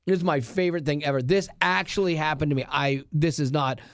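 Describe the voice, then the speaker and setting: A man chatting on a radio show, his voice sitting a little high as he tells animated stories and jumps into excited voices. The room is dry, with no echo. His talk is casual and opinionated. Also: fast talker. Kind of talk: casual chat.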